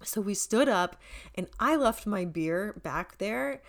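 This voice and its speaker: A woman in her forties, a podcast host telling a story in a chatty, lively way and swearing freely. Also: medium pitch, takes it slowly, gravelly. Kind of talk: casual storytelling.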